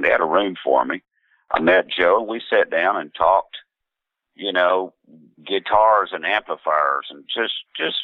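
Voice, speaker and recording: A low-voiced musician guest tells a loose, laid-back anecdote, full of "uh"s and restarts, and does voices when quoting others. The audio sounds tinny and phone-like, with no room sound and no echo.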